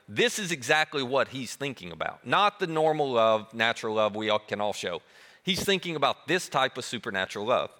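A man preaching a sermon as pastor, animated and emphatic, dropping to a soft hush on key words. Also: medium pitch, long reverb tail.

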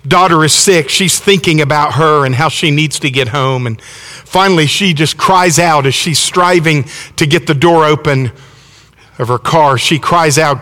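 High, bright-voiced Southern preacher. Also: male voice, measured pace. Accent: Southern American. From Alabama. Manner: folksy, enthusiastic, frequent restarts. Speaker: visiting preacher. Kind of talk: sermon with storytelling. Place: church sanctuary. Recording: long church reverb.

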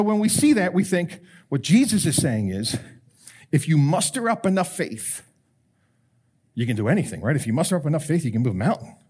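A man preaching as a pastor, animated and rising to emphatic calls, with quoted prayers acted out. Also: fairly high pitch, husky. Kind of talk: sermon.

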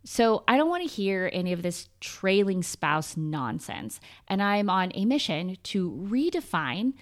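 A woman's voice: medium pitch, big pitch swings, unhurried. A woman hosting her own podcast, talking through a personal monologue in an earnest, conversational way and often ticking through lists. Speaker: podcast host. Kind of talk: scripted solo podcast monologue.

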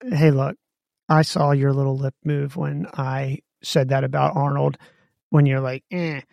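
A man's voice: medium pitch, unhurried, gravelly, dry recording. A man co-hosting a business podcast, telling stories animatedly and acting out both sides of conversations. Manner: animated storyteller, acts out both sides of dialogue. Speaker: podcast co-host.

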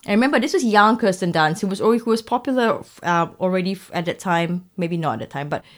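A woman's voice: lowish voice, fast talker. A woman co-hosting a podcast in casual chat, talking freely with restarts, fillers and laughter. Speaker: podcast co-host.

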